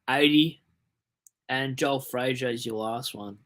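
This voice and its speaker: A young Australian man talks on a livestream, loose and rambling, his voice sitting at an ordinary middle pitch. He reads viewer messages aloud and answers them as he goes. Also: slow pace, pauses often, a bit bright. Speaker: livestream host. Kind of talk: casual livestream chat.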